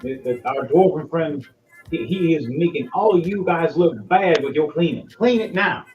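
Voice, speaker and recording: A man's voice: medium pitch, expressive, takes it slowly, lo-fi sound. A man voicing a bossy, brash female pirate captain who barks orders and teases the crew in a tabletop game. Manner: barking orders, teasing.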